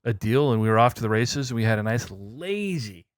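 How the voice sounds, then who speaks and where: A man hosting a casual gaming podcast, bantering loudly with friends and swearing freely. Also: medium pitch, steady tone, fast, clean tone, dry recording, studio quality. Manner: loud, laughing, swearing banter. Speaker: podcast host.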